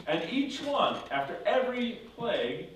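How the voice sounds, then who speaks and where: A man's voice: sits high, sing-song, measured pace, a little hiss or hum. A man teaching a casual confirmation class, talking conversationally and checking in with listeners. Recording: echoey room from far off.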